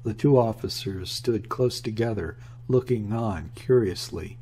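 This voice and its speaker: A man narrating a classic novel as an audiobook, reading in a measured, even way. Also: lowish voice, a little hiss or hum.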